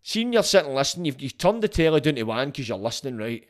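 A man of ordinary pitch talks alone into a podcast mic, casual and unscripted. He speaks bluntly and frankly and swears freely as he goes. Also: very animated, fast. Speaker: podcast host. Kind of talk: casual solo podcast monologue.

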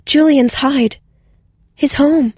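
A woman's voice: sits high, takes it slowly, darkish tone, no room sound, clean studio sound, pitched above the performer's own voice. A woman voicing a bold, scheming young female filmmaker who talks in an urgent, insistent way. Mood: eager.

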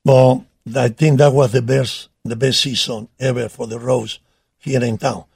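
An older man whose first language is not English, speaking in halting, broken English as he recalls his playing days in a casual chat. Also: mid-range voice, fairly even intonation, creaky, darkish tone, husky, no echo, clean studio sound. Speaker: former soccer player guest.

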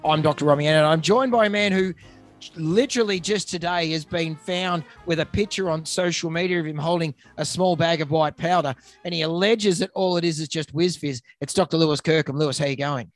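A middle-aged man with an Australian accent, co-hosting a casual podcast with quick, jokey banter. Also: on the high side, faint music behind. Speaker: podcast co-host, vet. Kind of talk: casual chat.

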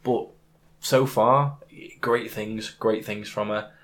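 Man, fairly low voice, emphatic podcast co-host. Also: steady tone, takes it slowly. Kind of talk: casual MMA chat.

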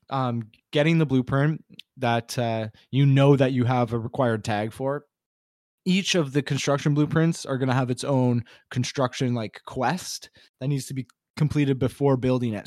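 A man co-hosting a casual gaming chat, talking in a relaxed, rambling way full of fillers. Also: mid-range voice, moderate pace, no room sound, clean studio sound. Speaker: podcast co-host.

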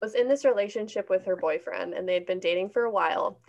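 A woman's voice: medium pitch, quick pace, darkish tone, dull audio. Candid young woman, casual swearing. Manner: candid, swears freely, laughs often. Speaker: podcast co-host. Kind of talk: casual chat.

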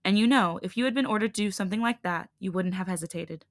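A woman reading a tired but firm young male hybrid leader in a calm, steady voice. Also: mid-range voice, fast, no echo, studio quality, lightly acted.

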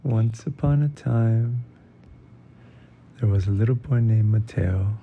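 Brief: male bedtime narrator, hushed and half-whispered, slow, very gravelly. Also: on the low side, fairly even intonation, slight background noise. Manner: hushed, often whispering, mixes in Spanish phrases. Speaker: storyteller host. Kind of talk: soft bedtime storytelling.

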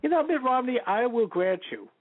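A male radio talk show host giving a political commentary monologue, opinionated, stressing names with jumps in pitch and leaning on "you know" fillers. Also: animated, moderate pace, no room sound. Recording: tinny phone-like line, dry.

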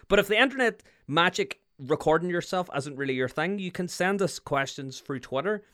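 A man co-hosting a casual podcast, talking excitably with sudden loud bursts and frequent laughter. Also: high voice, moderate pace. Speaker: podcast co-host.

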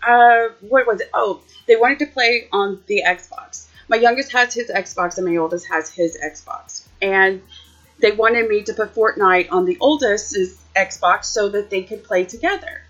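A woman's voice: mid-range voice, measured pace. Woman vlogger, mid-range voice, chatty storyteller, dull lo-fi recording. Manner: chatty, animated, jumps back and forth. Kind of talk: casual storytelling.

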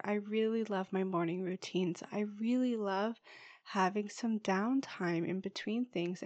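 A young woman hosting her podcast alone, speaking in an open, chatty way with lots of "you guys" and "like." A head cold leaves her a touch husky and stuffed-up, her voice sitting at an ordinary middle pitch. The recording is close and dry, with no room sound. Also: no echo, lo-fi sound. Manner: chatty and candid, often says "you guys" and "like". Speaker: podcast host. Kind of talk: solo podcast monologue.

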